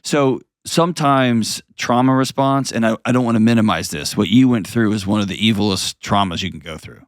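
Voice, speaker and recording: A man's voice: on the low side, a little fast, no echo, clean studio sound. A man hosting a call-in advice show, counseling a caller in an earnest, direct, plain-spoken way.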